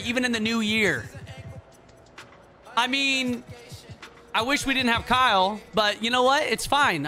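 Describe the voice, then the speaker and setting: A man giving casual, excitable let's play commentary, swearing freely and talking to his viewers. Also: very high voice. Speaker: gaming channel host.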